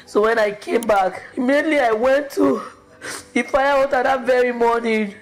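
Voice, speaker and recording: A woman with a Nigerian accent giving a fervent church testimony, breaking into high exclamations. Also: moderate pace, low-quality recording. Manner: fervent, exclamatory, with sudden high emotional cries. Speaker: testimony giver.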